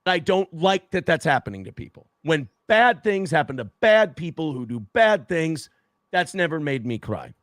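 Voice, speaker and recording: A man talking to viewers in a casual monologue, halting and self-justifying with many restarts. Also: fairly high pitch, big pitch swings, fairly bright tone, no room sound, clean studio sound. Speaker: streamer in a played clip.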